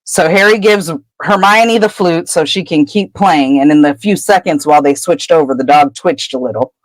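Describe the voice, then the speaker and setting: Woman podcaster, low voice, chatty storyteller, casual chapter recap, dry sound. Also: normal speed, no room sound, rough recording. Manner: chatty storyteller, acts out quotes. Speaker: podcast co-host.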